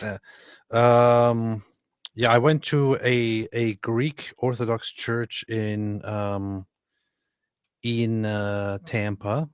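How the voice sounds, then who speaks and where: A man's voice: mid-range voice, little pitch movement, very slow, clean tone, no echo. Guy hosting a livestream, chatty and hesitant, lots of ums, dry close sound. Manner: rambling, hesitant with many fillers. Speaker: livestream host. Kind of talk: casual livestream chat reading super chats.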